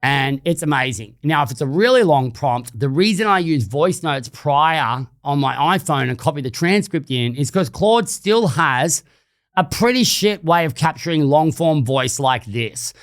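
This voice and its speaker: A man's voice: a little high, lively intonation, moderate pace. A man with an Australian accent hosting an unscripted solo podcast, talking casually and bluntly, with some swearing. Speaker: podcast host.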